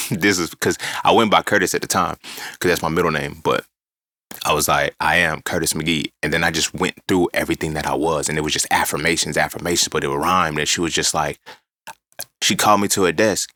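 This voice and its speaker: Deep, bright-toned man talking animatedly. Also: brisk, no room sound. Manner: animated, profane, conversational storytelling. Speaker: podcast host. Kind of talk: casual monologue.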